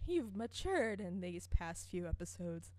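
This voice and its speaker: A woman's voice: lowish voice, big pitch swings, a little slow, darkish tone, no room sound. A young woman co-hosting a casual fan podcast, giggly and hesitant, often restarting her sentences. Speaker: podcast co-host.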